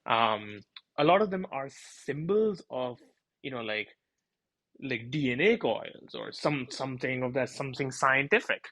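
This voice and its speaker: Husky-voiced man narrating as dungeon master. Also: medium pitch, lively intonation, a little slow, a bit bright. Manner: loose and chatty, many fillers and laughs. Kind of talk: narrating a tabletop game.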